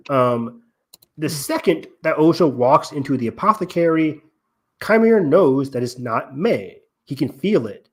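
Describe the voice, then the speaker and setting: A man of ordinary pitch co-hosting a casual podcast. He unpacks story details at length in an analytical, explaining way. His ums and restarts keep it loose and conversational. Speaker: podcast co-host.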